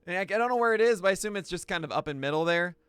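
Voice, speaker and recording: A man hosting a pitching analysis, talking through each pitch with excitable outbursts. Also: rapid-fire, clean tone, no echo. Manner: excitable, bursts into shouts and laughs. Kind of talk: excited play-by-play pitch breakdown.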